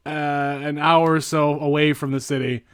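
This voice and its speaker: Canadian guy, fairly high voice, dry close mic, laughs a lot on a podcast. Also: flat delivery, normal speed, clean tone, dry recording. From Greater Toronto Area, Canada. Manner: laughing, stammering restarts. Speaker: podcast host. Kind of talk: casual chat.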